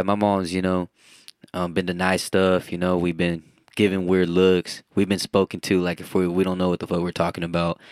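A young man with a very low voice talks in a loose, rambling way, leaning on fillers and casual swearing. The sound is dry and close. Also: no echo. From United States. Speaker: podcast co-host. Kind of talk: casual chat.

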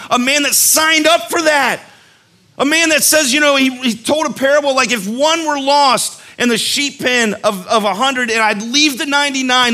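Man, pastor, sermon, bright tone, storytelling, emphatic. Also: very high-pitched. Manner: conversational, storytelling with acted-out quotes; earnest, emphatic.

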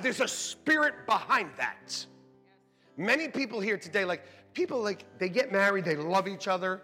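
A man pastor preaching a sermon in an animated, joking way, laughing often as he speaks to the congregation. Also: high-pitched, normal speed, husky. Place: church sanctuary. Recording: long hall reverb with faint music.

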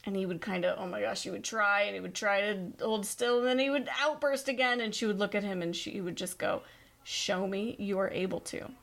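A woman's voice: medium pitch, fairly quick, gravelly, hardly any pauses, fairly bright tone. A woman hosting a podcast solo, earnestly explaining dog training ideas and telling stories. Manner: earnest, storytelling, reads listener questions aloud.

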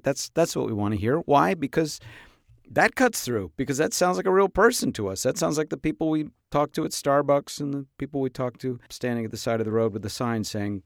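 Male podcast host, mid-pitched, playful and expressive storyteller, dry close-miked sound. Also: fairly quick, creaky, no room sound. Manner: expressive, playful, comic storytelling with vivid tangents. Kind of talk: casual podcast monologue.

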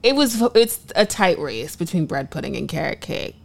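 A woman's voice: deep voice, sing-song, normal speed, vocal fry. A woman co-hosting a casual chat, frank and opinionated, sometimes reflective. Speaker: podcast co-host.

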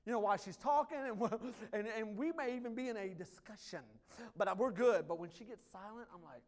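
A man preaching a sermon as pastor, swinging from hushed lines to loud ones and joking with the congregation. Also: high voice, fairly quick. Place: church.

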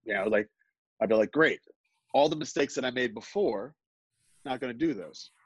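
Halting, self-mocking man telling a story. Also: mid-range voice, expressive, slightly rough, no room sound. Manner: halting, self-deprecating, many restarts. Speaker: guest storyteller. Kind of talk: live storytelling on a podcast.

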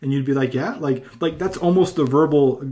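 A man from California hosting a casual podcast chat, rambling and animated with lots of fillers and restarts. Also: a little high, a little fast. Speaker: podcast host.

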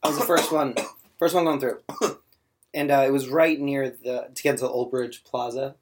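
A man's voice: medium pitch, fairly even intonation, moderate pace, noisy background. A young man in casual podcast chat, blunt and swearing freely as he tells a story.

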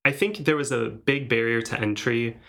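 A man co-hosting a podcast, talking casually and hesitantly with many pauses. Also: medium pitch, creaky, pushed and bright. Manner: hesitant, many fillers and restarts. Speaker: podcast co-host. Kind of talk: casual tech chat.

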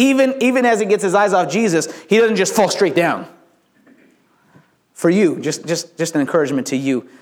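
A man preaching a sermon with playful jokes and frequent stammered restarts, a father of young kids. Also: on the high side. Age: adult with young children. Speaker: pastor.

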